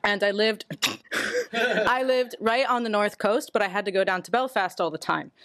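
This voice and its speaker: A woman's voice: medium pitch, moderate pace, fairly bright tone, no echo. A woman telling a candid personal story to a podcast audience, casually and laughing as she goes. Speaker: storyteller guest.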